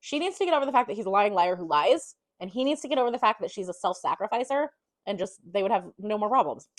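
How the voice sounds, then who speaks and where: A woman's voice: medium pitch, expressive, fast, dry recording, clean studio sound. A woman giving a casual chapter recap as a book reviewer, chatty and profane with lots of fillers.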